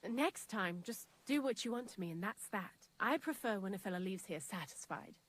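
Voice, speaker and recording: A woman's voice: mid-range voice, lively intonation, moderate pace, lightly acted. A woman voicing a suggestive medieval tavern woman. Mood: sultry.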